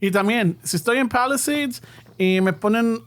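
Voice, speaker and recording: A man's voice: very high-pitched, brisk. A young man, chatting casually as a podcast co-host and telling stories full of swearing while switching between English and Spanish. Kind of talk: casual chat.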